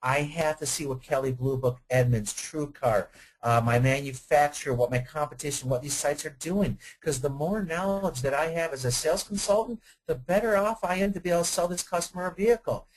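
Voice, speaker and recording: A man's voice: a little high, brisk, slight background noise, low-quality recording. A man giving a webinar to car sales staff, talking conversationally and firing off rhetorical questions. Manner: energetic, conversational, asks many rhetorical questions. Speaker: dealership sales trainer. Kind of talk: webinar presentation.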